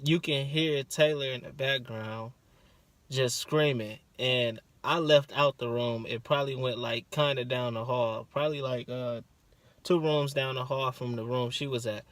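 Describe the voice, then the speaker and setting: A young man co-hosting a casual chat, recounting the birth in a laid-back, slangy way, pausing and hedging with fillers as he goes. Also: medium pitch, fairly even intonation, a bit bright, no room sound. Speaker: co-host, her partner.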